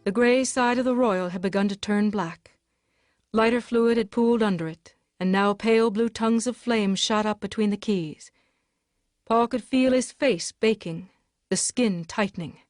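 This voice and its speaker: Casting: woman, mid-pitched, steady audiobook narrator, dry close recording. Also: normal speed, dry recording. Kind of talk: dramatic audiobook reading.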